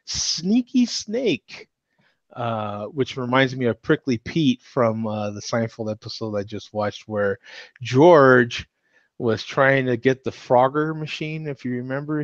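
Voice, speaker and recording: A man's voice: medium pitch, no room sound, dull audio. Rambling male show host, dry sound. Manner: rambling, with many fillers and restarts; laughs often. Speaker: host of an online beer talk show. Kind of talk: casual live-show chat.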